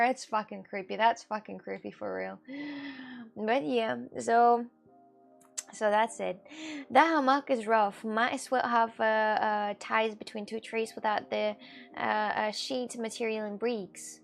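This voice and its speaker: A woman livestreamer chatting casually with her viewers and answering their questions, halting, with many fillers and restarts, and swearing casually. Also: a little high, creaky. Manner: answers chat questions aloud. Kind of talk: casual stream chat.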